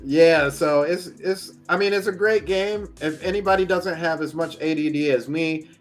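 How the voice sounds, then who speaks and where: A man's voice: a little high, normal speed, faint music behind. A man co-hosting a casual show, telling a long game story with lots of acted-out quotes and laughter. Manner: animated storyteller, acts out quoted characters, laughs often. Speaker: podcast co-host. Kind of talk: casual chat.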